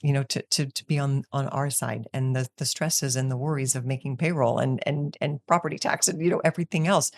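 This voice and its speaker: Gravelly-voiced older woman, chatty business owner. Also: extremely low pitch, fairly even intonation, brisk, few pauses, darkish tone, no echo, clean studio sound. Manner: chatty, many fillers and restarts. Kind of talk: casual interview conversation.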